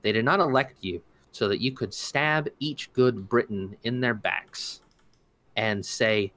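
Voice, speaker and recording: A man's voice: medium pitch, unhurried, a bit bright. Indignant rambling man on a podcast. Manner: rambling, indignant, many restarts and fillers. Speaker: podcast co-host. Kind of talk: casual opinion commentary.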